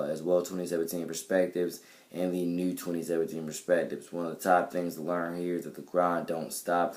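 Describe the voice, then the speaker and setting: A man's voice: sits low, darkish tone. A young man talking to camera in a casual video diary about his music, rambling with many fillers and restarts. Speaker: vlogger and musician. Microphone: camera mic.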